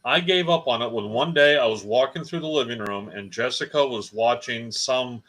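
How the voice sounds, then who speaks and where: Male co-host, mid-pitched, anecdotal storyteller with animated punchlines. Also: moderate pace, rough recording. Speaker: podcast co-host. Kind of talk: casual chat.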